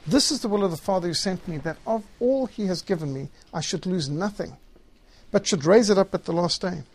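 A man's voice: high-pitched, animated, brisk, darkish tone. A man teaching systematic theology, reading scripture passages aloud and stressing key words. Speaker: Bible teacher.

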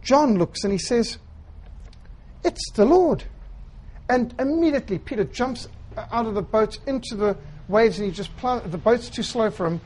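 A man preaching a sermon, retelling scripture in an earnest storytelling way with quiet, emphatic phrasing. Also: high voice, moderate pace, rough recording.

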